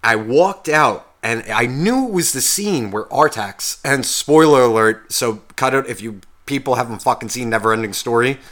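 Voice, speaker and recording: A man's voice: mid-range voice, moderate pace, hardly any pauses, fairly bright tone. A young man co-hosting a podcast, telling a long story in a heated, swearing casual rant. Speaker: podcast co-host.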